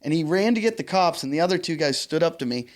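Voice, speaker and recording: A man's voice: fairly high pitch, lively intonation, fast. A man hosting a casual comedy podcast, rambling through a drunken story and swearing a lot. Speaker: podcast host.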